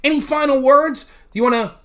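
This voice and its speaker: A man's voice: very high-pitched, fairly quick, fairly bright tone. A man hosting a livestream of political commentary, talking casually and sarcastically while answering viewer comments. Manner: sarcastic, mocking, reads chat aloud.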